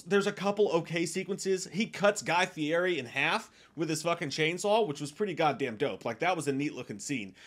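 A man with a high voice that swings wildly up and down ranting about a film in a casual review. He swears constantly and his tone lurches between amused and outraged. His rough, unpolished delivery stays loud and lively. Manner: animated, swearing, mocking impressions, laughs often. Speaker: movie review host. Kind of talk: casual profane movie rant.

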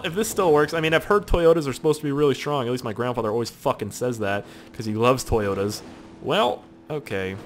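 Brief: young male gaming YouTuber, lively swinging pitch, loud and profane, mock-despairing commentary into a desk mic. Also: slight background noise. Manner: excitable, swearing, mock-despairing. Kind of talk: casual gameplay commentary.

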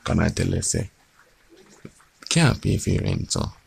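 A man chatting quietly to his phone camera, keeping his voice down. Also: sits low, measured pace, vocal fry, breathy edge, dry recording. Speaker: vlogger. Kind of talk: casual chat to camera.

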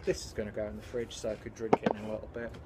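A man's voice: on the low side, monotone, very fast, very noisy. A young man, chatting casually in a home vlog, rambling, self-mocking and swearing freely. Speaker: beer vlogger. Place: home, indoors and in a basement.

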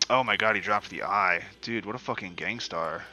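A man giving casual, profane, excitable commentary while playing a video game. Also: lowish voice, normal speed, soft background music. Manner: profane, excitable trash talk. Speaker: gaming commentator.

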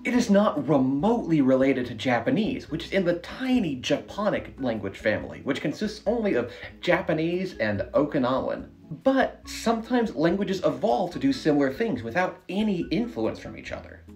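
Lively man explaining language facts. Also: fairly high pitch, moderate pace, soft background music. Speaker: language educator. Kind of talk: short educational explainer.

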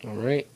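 A young man with a husky, dark, medium-pitched voice rambles casually as he plays a video game. He's a gaming channel host doing chatty let's play commentary, talking to himself as he goes.

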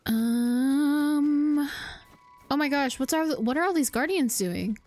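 A woman streaming a video game, chatting casually and poking fun at herself as she thinks out loud. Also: sits high, slow pace. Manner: chatty, self-deprecating, thinking aloud. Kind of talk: casual gameplay commentary.

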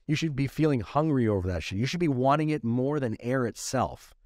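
A man's voice: medium pitch, animated, fairly quick, darkish tone, no room sound, studio quality. Blunt, swearing motivational podcaster man. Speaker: podcast co-host. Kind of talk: casual podcast chat.

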